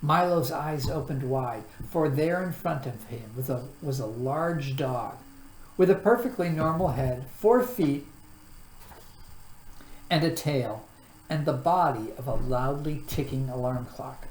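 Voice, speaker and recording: A woman, a teacher, reading a children's novel aloud in an expressive storytelling manner. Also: very deep voice, measured pace. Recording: echoey room, faint background hum.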